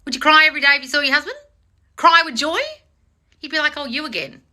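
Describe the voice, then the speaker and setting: A woman's voice: high-pitched, quick pace. A woman hosting a live stream as a manifestation coach, answering viewer comments bluntly with lots of swearing and mocking impressions. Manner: blunt and sweary, with frequent mocking put-on voices; animated, teasing, talks straight to viewers.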